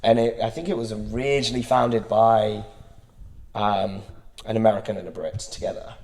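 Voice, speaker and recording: A man's voice: lowish voice, fairly even intonation, normal speed, darkish tone, in a large hall. A young man from the United Kingdom chatting casually about acting. He rambles with many "like" fillers and laughs often. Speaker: actor and acting student. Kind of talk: casual round-table chat.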